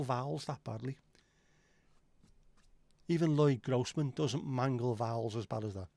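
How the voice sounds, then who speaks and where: A man's voice: medium pitch, measured pace, gravelly, long pauses, darkish tone, no room sound. Jokey man chatting on a dry mic. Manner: rambling, jokey, swears casually. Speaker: livestream host. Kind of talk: casual chat reading viewer comments.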